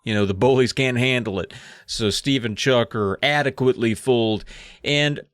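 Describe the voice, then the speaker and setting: A man's voice: medium pitch, moderate pace, no room sound, studio quality. A man co-hosting a podcast, recapping a book in a rambling, sarcastic way. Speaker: podcast co-host. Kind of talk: casual comedic book recap.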